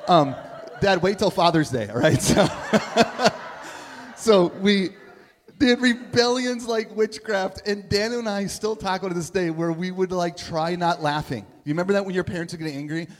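A man's voice: sits high, normal speed. A middle-aged man giving a sermon as a pastor, telling stories in a conversational way and asking "right?" often. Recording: long reverb of a big hall.

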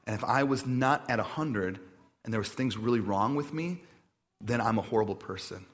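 A man preaching a sermon in an easygoing, conversational style, with a voice neither high nor low. He tells stories with self-deprecating asides and hesitations. On reflective points he drops to a quiet, slowed delivery. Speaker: pastor.

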